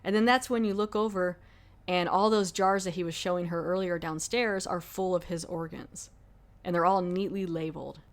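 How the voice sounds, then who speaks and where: A woman's voice: lowish voice, fairly even intonation, normal speed. A woman hosting a podcast, retelling a horror film plot in a casual, rambling way full of 'like'. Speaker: podcast host. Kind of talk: casual film review chat.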